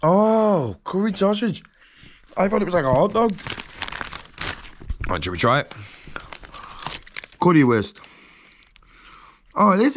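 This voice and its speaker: A young man, chatting excitedly to camera on a travel vlog, slangy and laughing often. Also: sits high, measured pace, pauses often, slight background noise. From England. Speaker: travel vlogger. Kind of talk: casual vlog chat to camera. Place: glamping site outdoors.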